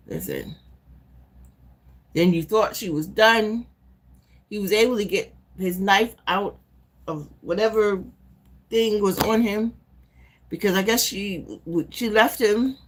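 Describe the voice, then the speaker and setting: A woman live-streaming casually, retelling a movie in an animated, profane, rambling way. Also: medium pitch, slow, long pauses. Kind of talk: casual chat recapping a movie.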